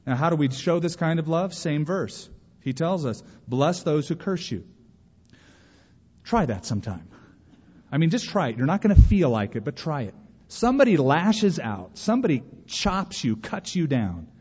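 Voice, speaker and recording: A male pastor preaching a sermon, animated, acting out quotes with sudden bursts of energy. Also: on the high side, normal speed, breathy edge. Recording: muffled recording in a reverberant hall.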